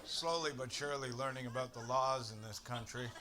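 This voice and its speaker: A man from Canada doing a stand-up set on a comedy club stage, telling exasperated stories that build to shouted punchlines. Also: mid-range voice, brisk. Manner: exasperated storytelling, swearing, rising to shouted punchlines. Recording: live club recording with audience noise.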